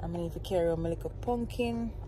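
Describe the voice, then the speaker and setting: A woman's voice: fairly low pitch, fast talker, very noisy. A woman chatting casually to camera as a family vlogger in a van, cooing now and then at her small child. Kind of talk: casual vlog chat to camera.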